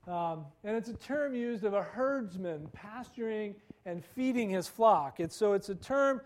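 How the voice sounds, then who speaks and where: High-voiced male pastor preaching. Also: lively intonation, unhurried, slight background noise. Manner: conversational, acts out quoted dialogue with repeated stammers. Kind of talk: sermon.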